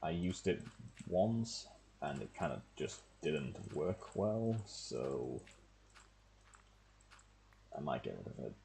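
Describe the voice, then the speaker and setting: While gaming on stream, a man talks casually to himself in a bass voice that is sing-song, slow, creaky and a little mellow. He pauses often as he mutters his thoughts, with slight background noise behind him.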